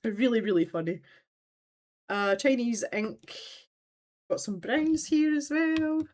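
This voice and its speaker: A Scottish woman in her thirties, hosting a livestream in animated, chatty conversation and laughing often. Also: fairly high pitch, takes it slowly. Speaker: livestream host. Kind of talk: casual chat.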